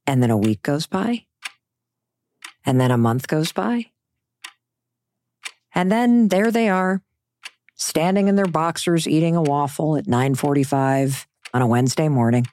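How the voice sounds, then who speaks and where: A woman's voice: low-pitched, a little slow, long pauses, a little mellow, slight background noise. A middle-aged woman giving a motivational talk, emphatic and conversational, sometimes dropping into a whisper for effect. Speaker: motivational speaker.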